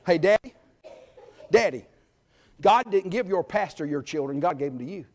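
A middle-aged man preaching a sermon in a church, folksy and emphatic, swinging between loud calls and quiet asides. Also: high voice, expressive, moderate pace. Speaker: guest preacher. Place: church sanctuary.

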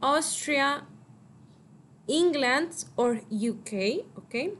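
A woman with a Mexican Spanish accent teaching English vocabulary to children, slowly saying each word for pupils to repeat. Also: high voice, lively intonation, fairly bright tone, slight background noise. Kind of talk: online vocabulary lesson for children.

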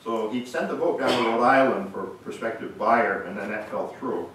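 A man's voice: fairly low pitch, moderate pace, fairly bright tone. Older man telling stories in an echoey hall. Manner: folksy storyteller who laughs at his own stories. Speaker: guest speaker. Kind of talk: storytelling talk. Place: museum lecture room. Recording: very echoey room, distant mic, faint noise.

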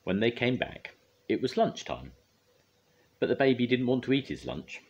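An older man reading a picture book aloud for his grandchildren, lively and expressive. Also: medium pitch, normal speed, highs cut off, slight background noise. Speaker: grandfather storyteller.

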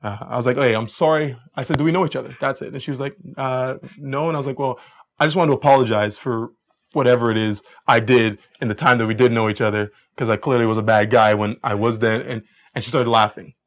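A young adult man giving a live dating lecture as a coach, energetic and chatty, acting out quoted lines in higher voices. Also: fast talker.

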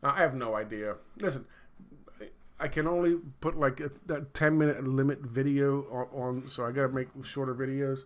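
A man's voice: mid-range voice, normal speed. A middle-aged man ranting in a casual commentary, sarcastic and profane, rambling with lots of fillers. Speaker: video commentator.

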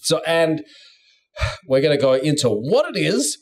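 A man's voice: very animated, a little slow. A man co-hosting a podcast in a playful, jokey, casual chat. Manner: playful, jokey, swings pitch a lot. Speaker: podcast co-host.

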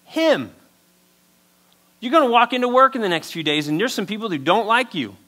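Male pastor, high bright tenor, conversational preaching with emphatic acted-out asides. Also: big pitch swings, normal speed. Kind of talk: sermon.

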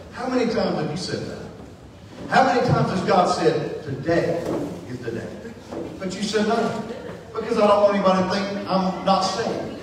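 A man preaching his testimony, impassioned, swinging from hushed words to shouting. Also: high voice. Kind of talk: sermon testimony. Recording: echoey hall, distant mic.

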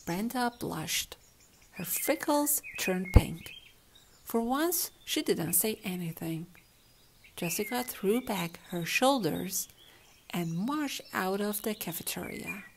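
A woman reading a children's picture book aloud in a gentle, expressive storytelling manner. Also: mid-range voice, slow pace, gravelly, slight background noise.

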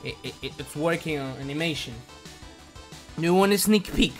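A man chatting casually on a live stream as an animator, halting with many restarts and repeated words. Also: on the high side, soft background music.

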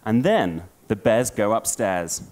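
A man giving a storytelling conference talk, an animated storyteller. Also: fairly low pitch, slow pace. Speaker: conference speaker.

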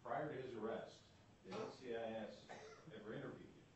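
A man interviewing, firing brisk, pointed questions and saying okay between answers. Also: medium pitch, fairly even intonation, a little hiss or hum. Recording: roomy audio from a distance.

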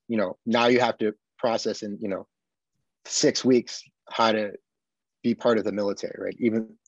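A man from the United States, a podcast guest, telling his experiences in an earnest, animated way with frequent tag questions. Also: lowish voice, dry recording, muffled recording. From Buffalo, USA. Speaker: podcast guest, army veteran. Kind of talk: casual conversation.

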